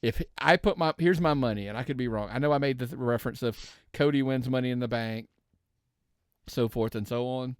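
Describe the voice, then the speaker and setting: Man, podcast co-host, casual chat, middle-pitched, dry close sound, talks in stops and restarts. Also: a little fast, clean tone, dry recording. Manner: talks in restarts, working out opinions aloud.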